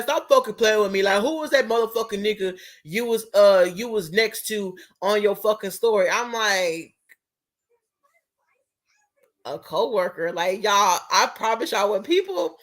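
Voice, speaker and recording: Animated woman telling a story to viewers. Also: mid-range voice. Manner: animated, blunt, swears freely, quotes both sides of a conversation. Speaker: vlogger.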